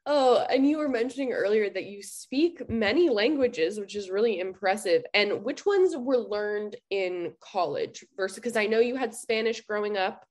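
A woman's voice: medium pitch, moderate pace, few pauses. Chatty woman host. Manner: relaxed, filler-heavy with frequent "like", laughs readily. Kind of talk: casual interview chat.

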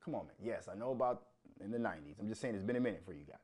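A man's voice: on the low side, lively intonation, rapid-fire, a little mellow, slightly rough. A man hosting a casual solo podcast, talking bluntly with lots of swearing and joking. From United States. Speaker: podcast host.

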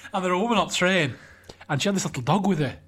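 A young man with a fairly high-pitched voice chats on a podcast. He cuts in with quick wisecracks and tells away-day stories with wry banter. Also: fairly bright tone, slightly rough. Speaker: podcast co-host. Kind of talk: casual chat.

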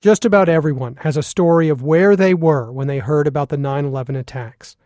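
A man introducing a radio segment in a measured, scripted read as host. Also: on the high side, dark tone, no echo, clean studio sound.

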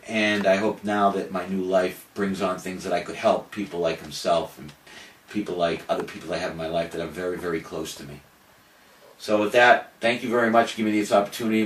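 An older man, a podcast host, telling a boastful story in a brash, animated way. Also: deep voice. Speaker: podcast host saying farewell. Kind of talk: casual storytelling monologue. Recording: roomy, distant, faint noise.

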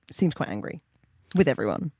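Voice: medium pitch, sing-song, normal speed, a little mellow, slightly rough, no echo, studio quality. A podcast co-host in casual comedic chat, telling stories with jokey, self-mocking humor.

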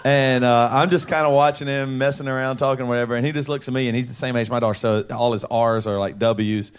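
A man chatting on a live podcast recording. He tells stories with animated energy, breaking into laughter as he goes. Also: medium pitch, quick pace, clear, resonant tone. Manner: animated storyteller, laughs often. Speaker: podcast co-host. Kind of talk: casual chat. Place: live show.

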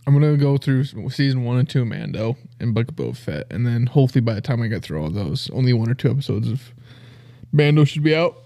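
A man with a warm, mellow voice chats casually on a podcast. He explains details eagerly, the way a keen fan does. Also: mid-range voice, expressive, quick pace, vocal fry. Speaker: podcast co-host. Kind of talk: casual chat.

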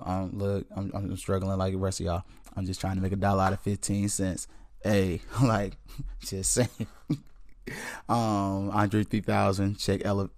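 Low-voiced joking sports podcast host. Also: male voice, a little mellow, dry recording, studio quality. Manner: joking, candid, talks straight to listeners. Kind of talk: casual sports commentary chat.

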